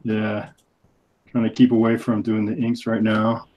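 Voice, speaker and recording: Guest artist, male, lower voice, laptop call with faint noise. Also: flat delivery, unhurried, darkish tone, low-quality recording. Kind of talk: casual call-in chat. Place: at home on a laptop video call. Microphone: laptop mic on video call.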